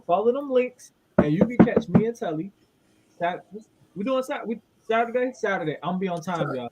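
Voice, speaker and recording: A man with a high-pitched voice trades casual podcast banter. He tells stories in a loose, slangy way and roasts his co-host. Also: slightly rough. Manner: animated storytelling, roasting, slangy.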